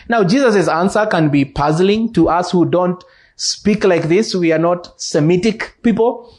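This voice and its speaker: A man with a Kenyan English accent preaching an expository sermon in church, slow and deliberate, repeating key phrases for emphasis. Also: high voice, darkish tone. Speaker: pastor.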